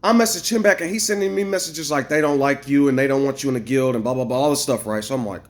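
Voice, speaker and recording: A man telling a long, rambling story to camera, animated and profane, acting out what others said. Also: fairly high pitch, fast talker. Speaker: vlogger. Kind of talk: casual storytelling rant.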